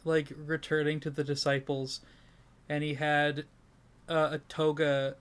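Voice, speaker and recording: A man's voice: on the high side, level tone, measured pace, fairly bright tone, clean tone. A man co-hosting a casual comedy podcast, rambling and self-deprecating, sleep-deprived and breaking into laughter. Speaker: podcast co-host.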